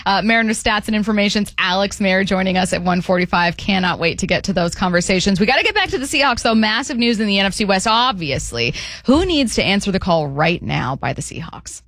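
A woman's voice: mid-range voice, lively intonation, quick pace, a bit bright. A woman hosting sports radio, chatty and playful with frequent laughs. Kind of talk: casual sports talk banter.

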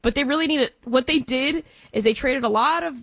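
A young woman co-hosting a sports talk show, giving quick, opinionated takes with easy laughs. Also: high voice, a bit bright, no room sound.

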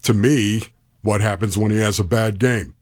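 A man co-hosting a sports radio show, arguing his point in a measured way. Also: fairly low pitch, steady tone, darkish tone.

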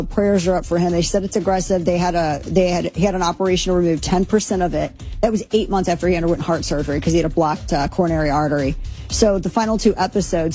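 A woman's voice: on the low side, dark tone. A woman hosting a radio talk show, rambling through news items in a casual, chatty way, with many fillers and asides.

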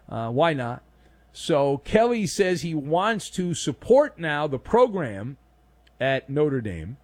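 A man hosting a daily sports talk show, delivering a sarcastic, emphatic monologue of opinions. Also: fairly high pitch.

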